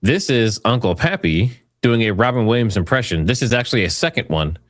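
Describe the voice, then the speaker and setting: A man's voice: lowish voice, expressive, a little fast, no room sound, clean studio sound. A man hosting an online commentary video, speaking in a casual, speculative, repetitive way. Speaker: commentary host.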